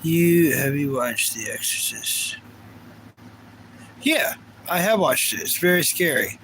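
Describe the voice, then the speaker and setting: A man's voice: on the high side, lively intonation, takes it slowly, a little hiss or hum, low-quality recording. A man from the United States live streaming in casual chat, repeating himself and greeting viewers one by one. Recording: loud music playing behind. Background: loud background music.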